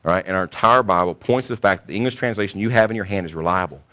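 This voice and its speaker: Male preacher, lowish voice, emphatic delivery, rhetorical questions and repetition, sermon teaching. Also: very fast, sharp tone. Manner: emphatic, repeats key points, asks rhetorical questions.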